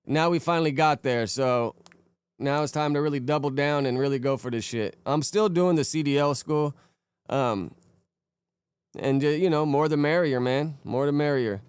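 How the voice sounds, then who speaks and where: Laid-back young male streamer, smooth voice. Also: on the high side, normal speed, dry recording. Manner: laid-back, rambling, greets chatters by name. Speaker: streamer reacting to videos and chat. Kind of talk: casual live-stream chat.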